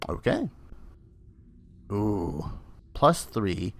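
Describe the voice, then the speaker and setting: A man hosting a let's play, chatting casually over gameplay with rambling asides and dry humor. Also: lowish voice.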